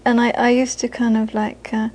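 Woman, Buddhist teacher, high voice, conversational dharma talk, repeats for emphasis. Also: level tone, moderate pace, a little mellow, low-quality recording. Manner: conversational, repeats phrases for emphasis, laughs often. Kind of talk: informal dharma talk to an audience.

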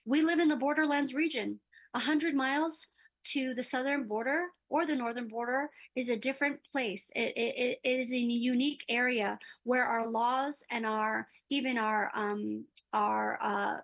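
A woman's voice: fairly high pitch, fairly even intonation, moderate pace, vocal fry, a bit bright. A middle-aged woman speaking earnestly as a community organizer in a radio interview, with occasional stumbles.

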